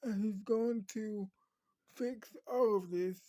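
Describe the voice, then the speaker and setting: A woman's voice: medium pitch, slow, mellow, dry recording. A woman voicing a friend who comforts someone in tears, earnest and repeating her reassurances. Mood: pleading reassurance. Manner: earnest, pleading, repeats herself.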